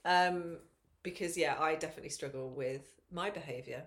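A woman in her thirties, chatting casually as a podcast co-host. She talks with an animated, frank manner, swears freely and slips into little voices when she quotes her kids. Her voice sits a bit low for a woman. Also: normal speed. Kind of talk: casual chat.

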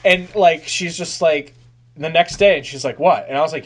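A man's voice: on the high side, moderate pace. A man co-hosting a casual podcast, telling stories with acted-out quotes. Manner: animated storyteller, acts out quotes. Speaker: podcast co-host. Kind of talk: casual chat.

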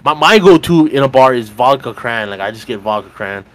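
An expressive, brisk talker with a medium pitch, this man in his twenties co-hosts a podcast. In casual conversation he rambles through a bar story, cursing freely, stuffing it with fillers and laughing as he goes.

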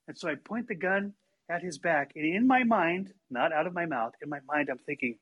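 A man telling a story in casual chat, animated and acting out the quotes. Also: a little high, a little fast, breathy edge, low-quality recording. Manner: animated, acts out quotes with big voice shifts.

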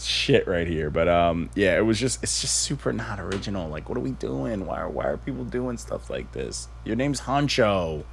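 A lower-voiced man chatting on a podcast, swearing freely and joking around. He drops into little put-on quotes while telling stories. A faint hiss of noise sits under the voice. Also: moderate pace, vocal fry, hardly any pauses. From Haitian family. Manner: profane, joking, animated storyteller. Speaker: podcast host. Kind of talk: casual chat.

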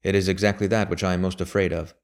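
A man's voice: low voice, level tone, fast talker, lightly acted. A man reading aloud, voicing a grave, shrewd elderly lawyer who speaks emphatically. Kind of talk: audiobook character voice.

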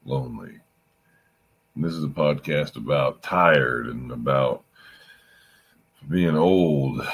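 A middle-aged man hosting a rambling late-night podcast, weary and halting, often losing his thread and sounding emotional. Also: a bass voice, gravelly, a little hiss or hum. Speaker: podcast host.

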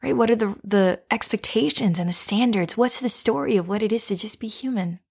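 Soft-spoken woman coach, reflective storyteller. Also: medium pitch, creaky, husky. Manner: soft, slow and reflective, often dropping to a whisper. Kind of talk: personal storytelling with guided reflection.

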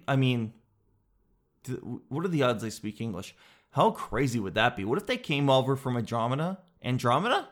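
Rambling, joking male podcast host. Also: medium pitch. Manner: rambling, joking, animated, with casual swearing. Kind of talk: casual solo podcast chat.

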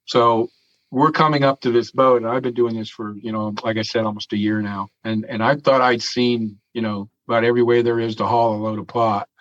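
A middle-pitched male voice recounts an old adventure in a loose, rambling way, cursing casually and breaking into chuckles. The recording is somewhat dull and lo-fi, without much crispness. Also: steady tone, a bit bright. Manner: profane, chuckling, drawn-out storyteller. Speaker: interview guest telling a story. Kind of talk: casual storytelling.

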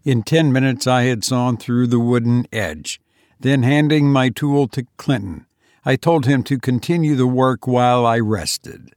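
A man reading an audiobook aloud in a measured, deliberate way. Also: medium pitch, darkish tone, no echo, clean studio sound. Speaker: narrator. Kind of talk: audiobook narration.

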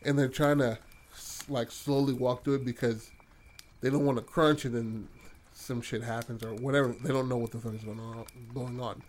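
A man's voice: medium pitch, fairly even intonation, normal speed, a little mellow. Man spinning a profane, rambling tale. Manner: rambling and profane, full of fillers and restarts. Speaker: podcast host telling a story. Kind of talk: casual improvised storytelling.

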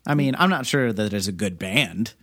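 A man co-hosting a podcast, explaining movie details in a relaxed, casual way with lots of fillers. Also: on the low side, moderate pace, no echo, clean studio sound. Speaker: podcast co-host.

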